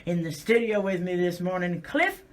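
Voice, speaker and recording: A woman's voice: fairly low pitch, animated, moderate pace. A woman hosting a casual radio studio interview, folksy and fond of repeating phrases. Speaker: radio host.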